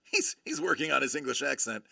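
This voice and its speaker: A man hosting a live stream, excitedly opening trading cards and exclaiming over each one. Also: mid-range voice, fairly quick, gravelly, dry recording, studio quality. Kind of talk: live-stream card breaking.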